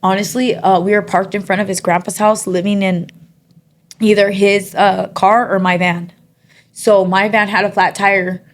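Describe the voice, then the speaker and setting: A woman telling her own story in a relaxed interview. She speaks softly and haltingly, pausing often and filling gaps as she goes. Her voice sits at an ordinary middle pitch. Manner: soft-spoken and halting, with many pauses and fillers. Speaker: interview guest. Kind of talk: personal testimony in casual conversation.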